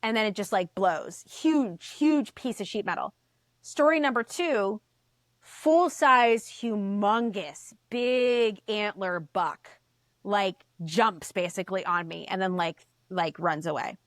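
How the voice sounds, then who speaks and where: Animated woman telling a story. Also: mid-range voice, slow, no echo, clean studio sound. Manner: animated storyteller, swears, acts out quoted voices. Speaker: podcast guest. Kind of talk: casual storytelling chat.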